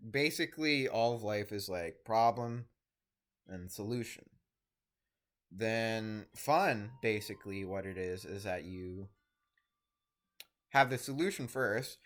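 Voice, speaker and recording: A man's voice: lowish voice, slow, long pauses, a bit bright. A young man talking to camera in a rambling, easily distracted solo vlog, casually swearing and interrupting himself. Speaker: vlogger.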